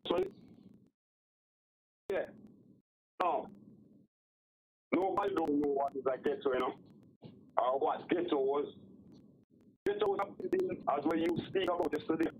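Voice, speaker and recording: A man's voice: on the high side, very animated, measured pace, long pauses, a little hiss or hum, poor audio. A man with a Jamaican accent calling in to a radio show, rambling and often asking whether you follow him. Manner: rambling, keeps asking "you know what I mean". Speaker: caller. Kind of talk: call-in radio chat.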